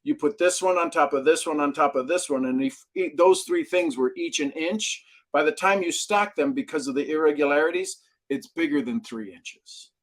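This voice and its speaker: A man as a podcast guest, a brain trainer, explaining ideas and telling stories with lively acted-out quotes. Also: a little high, moderate pace, hardly any pauses. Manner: animated storyteller, acts out quotes. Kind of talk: podcast interview.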